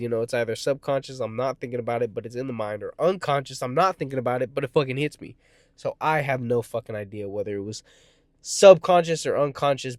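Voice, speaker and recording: Man in his 20s, middle pitch, recorded dry; casual storytime with rambling restarts and constant cursing. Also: no echo. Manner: profane, rambling, frequent swearing; restarts and self-corrections.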